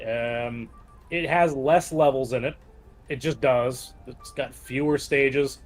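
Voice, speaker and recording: A man's voice: mid-range voice, fairly even intonation, slow, faint music behind. A man in casual chat on an art stream, rambling and hesitant with many fillers.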